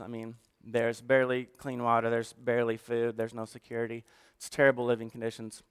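A man preaching in a relaxed, conversational way, with a smooth, resonant voice at an ordinary middle pitch. He is animated and joking in his asides and earnest when he tells a story. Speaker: pastor.

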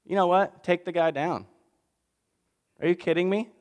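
Casual male pastor, slightly high, smooth voice, big reverb. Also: moderate pace. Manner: casual, jokey, swings from loud to hushed. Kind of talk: animated storytelling sermon.

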